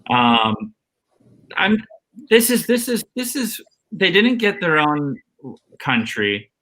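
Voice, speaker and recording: A man's voice: high voice, big pitch swings, slow, pushed and bright. A man hosting a panel discussion over a video call, talking hesitantly with many restarts and fillers. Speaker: host.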